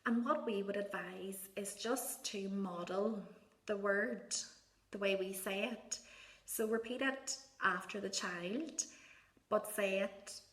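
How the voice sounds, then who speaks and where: A woman's voice: medium pitch, slow. Encouraging woman, echoey room. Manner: gentle, encouraging, models words in a soft sing-song. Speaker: speech therapist. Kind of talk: parenting advice talk.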